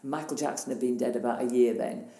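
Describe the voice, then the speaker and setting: A Northern English woman in her sixties, a guest telling a personal story in an interview, blunt and animated, swearing freely. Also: extremely low pitch, quick pace, echoey room. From Northern England. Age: 60s.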